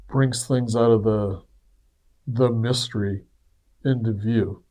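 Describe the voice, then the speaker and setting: Dark-voiced man musing casually. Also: mid-range voice, steady tone, slow pace, pauses often. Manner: earnest, conversational, acts out quoted voices. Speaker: speaker sharing personal reflections. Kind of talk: casual reflective monologue.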